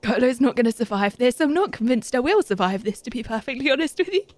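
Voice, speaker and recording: High, giggly woman streamer. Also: quick pace, dry recording. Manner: excitable and giggly, squealing in delight. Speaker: Twitch streamer. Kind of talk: live game streaming, casual chat.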